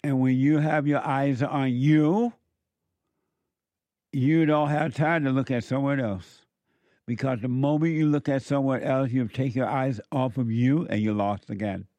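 Man, spiritual counselor, informal preaching, emphatic repetition, mid-pitched voice, dry room. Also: fairly even intonation, measured pace, a little mellow, no room sound. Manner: emphatic, repeats words for stress.

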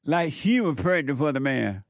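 A man's voice: fairly high pitch, very animated, moderate pace. A man hosting a call-in radio show, talking emphatically and preachily, repeating phrases. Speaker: radio talk show host.

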